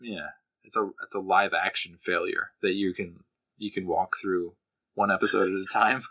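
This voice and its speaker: A man's voice: deep voice, steady tone, moderate pace, bright, forceful tone. A man co-hosting a podcast, talking casually with dry humor. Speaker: podcast co-host. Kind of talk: casual chat.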